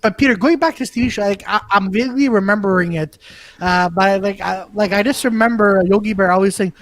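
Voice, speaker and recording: A man's voice: high voice, fairly quick, fairly bright tone, slight background noise. A man chatting on a comedy podcast, rambling and searching for words as he goes. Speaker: podcast guest or co-host. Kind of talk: casual comedy podcast chat.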